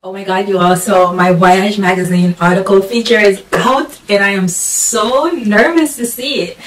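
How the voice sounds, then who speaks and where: A woman in a casual vlog, talking nervously and excitedly, breaking into squeals and laughter. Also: medium pitch, moderate pace, roomy sound, recorded from a distance, poor audio. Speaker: vlogger.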